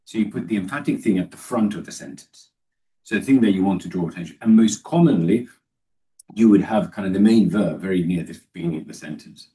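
A man's voice: sits low, brisk, warm tone. A man giving a discursive, explanatory Bible study lesson, with the voice recorded from a distance. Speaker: Bible teacher.

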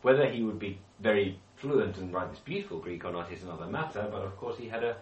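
Deep-voiced man teaching a Bible study. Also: quick pace, dull audio. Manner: explains with questions to the group, many restarts. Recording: echoey room, speaker far from mic.

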